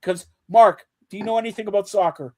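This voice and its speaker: A man's voice: high-pitched, brisk. A man hosting a casual sports chat show, teasing his co-hosts and talking over them. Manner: teasing, talks over others, animated.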